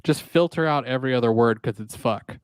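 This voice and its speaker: A man's voice: mid-range voice, clean tone, no room sound. A man co-hosting a podcast in casual banter, rambling and profane, on a close mic. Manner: profane, rambling, quick asides. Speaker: podcast co-host.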